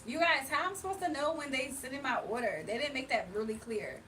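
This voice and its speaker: Woman livestream host from Virginia, high voice, relaxed banter with chat, slightly distant mic. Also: a little fast, slight background noise. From Virginia, USA. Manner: chatty, laughs often, reads chat aloud. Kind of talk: casual livestream chat reading comments.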